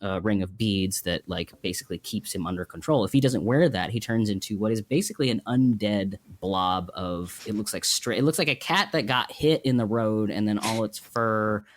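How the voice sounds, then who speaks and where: A man, a podcast guest, talking in a casual, animated, emotional way about a story. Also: lowish voice, normal speed, hardly any pauses. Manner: animated, emotional retelling with acted quotes.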